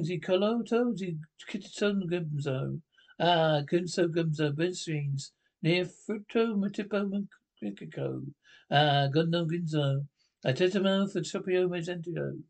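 An actor playing a foreign television newsreader who speaks in made-up gibberish, in a sketch comedy show. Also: male voice, high voice, vocal fry, darkish tone, exaggerated voice. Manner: rapid mock-foreign gibberish delivered like a bulletin.

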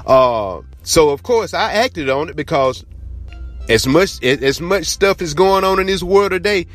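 A man's voice: fairly high pitch, lively intonation, unhurried, faint music behind. A man from Georgia with a Southern accent, earnestly telling a personal story in a rambling, repetitive way. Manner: earnest, rambling, repeats himself. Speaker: podcast host. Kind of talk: casual spoken storytelling.

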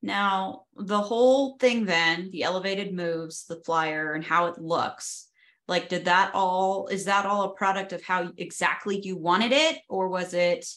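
A woman coaches a client over a video call, her voice sitting a little low for a woman. She speaks softly and affirms him as she guides the talk. Her tone is encouraging and supportive. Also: unhurried. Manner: encouraging, affirming, soft-spoken. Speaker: life coach. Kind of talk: coaching session.

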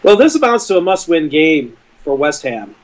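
A man co-hosting a casual football prediction chat, measured and using fillers. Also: on the high side, sing-song. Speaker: podcast co-host. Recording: dull lo-fi sound.

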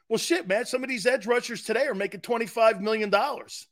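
A man's voice: extremely high pitch, lively intonation, fast talker, hardly any pauses, fairly bright tone. A man hosting a sports talk show, brash and profane, rambling and talking straight to his listeners, edgy from short sleep. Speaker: sports radio host.

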